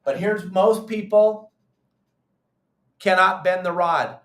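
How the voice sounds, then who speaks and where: Emphatic middle-aged male host, fairly high voice, hammers points home, roomy echo. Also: slow pace, pauses often. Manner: animated, emphatic, repeats instructions. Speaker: fishing show host. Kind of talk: call-in fishing advice show. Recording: echoey room.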